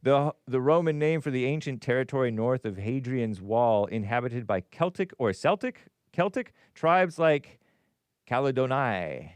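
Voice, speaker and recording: Smooth-voiced man hosting a rambling call-in show. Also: medium pitch, lively intonation, normal speed, few pauses, dry recording. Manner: rambling, jokey, laughs at his own asides. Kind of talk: casual live-stream chat, reading viewer messages.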